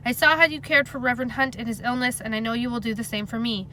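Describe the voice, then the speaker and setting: A woman voicing a wounded male colonial captain who speaks in a hoarse, quiet, grave way. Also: fairly high pitch, steady tone, fast, a little hiss or hum, rough recording. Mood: grave, weary. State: hoarse whisper.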